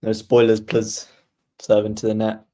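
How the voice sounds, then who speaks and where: A fairly low-pitched man, calling points on a livestream. He talks casually to his viewers and quickens as rallies heat up. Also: completely flat delivery, warm tone. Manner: chatty, reads viewer comments aloud, quickens during rallies. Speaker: livestream tennis commentator. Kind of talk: casual play-by-play watchalong commentary.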